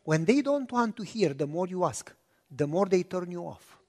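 A man preaching a sermon, telling stories and acting out the dialogue, clearing his throat often. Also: sits high, expressive, moderate pace, darkish tone. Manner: anecdotal, acts out dialogue, frequent throat clearing. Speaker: pastor. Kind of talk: storytelling sermon. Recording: long reverb of a large hall.

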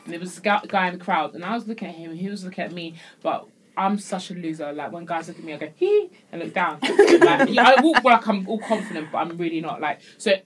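A woman's voice: fairly low pitch, fast talker, few pauses. A woman hosting a casual podcast chat. She tells stories with lots of energy and laughs often. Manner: animated storyteller, laughs often. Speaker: podcast host. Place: recording studio.

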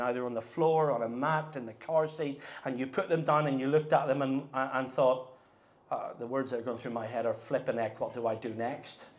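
A middle-aged man preaching a sermon at a conference, earnest, moving between hushed and emphatic delivery. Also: a little high. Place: conference hall.

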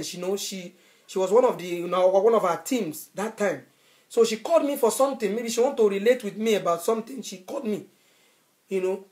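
A woman's voice: mid-range voice, darkish tone. A woman evangelist delivers a sermon with fervour. She repeats phrases again and again for emphasis, pressing her warnings on the listener. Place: Europe.

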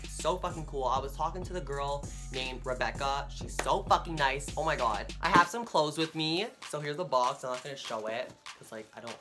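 A man hosting a casual unboxing vlog, talking in a hyper, excitable way and swearing constantly. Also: medium pitch. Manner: hyper, excitable and heavily profane. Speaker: vlogger. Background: music.

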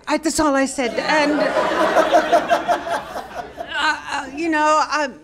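A woman comedian doing stand-up storytelling on a club stage, wry and deadpan, rising to exasperated bursts. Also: high voice, a little slow, long pauses, over a noisy crowd, very noisy. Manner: deadpan, wry delivery that rises to exasperated outbursts. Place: comedy club stage before a laughing audience.

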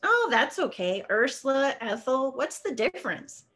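A woman's voice: high-pitched, very animated, normal speed, fairly bright tone. A woman doing a chatty, breezy older lady. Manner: chatty, rambling.

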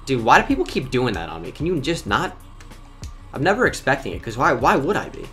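A young man giving live commentary on his own football video game, excitable and talkative, jumping from loud outbursts to muttered complaints about his players. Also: medium pitch, a little fast, faint music behind. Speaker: gaming YouTuber.

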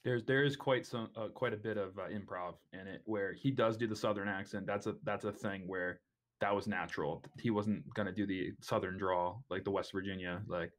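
A young man co-hosting a podcast, chatting casually about a film with halting starts and repeated words. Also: lowish voice, steady tone. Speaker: podcast co-host.

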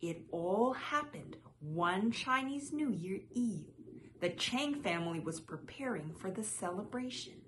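A woman reading a children's picture book aloud in a soft, measured way. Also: mid-range voice, slight background noise. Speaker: storyteller.

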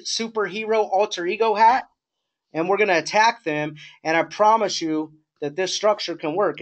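A man coaching new sales agents on a group call, talking informally with many restarts and asides. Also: sits high. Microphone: conference call line.

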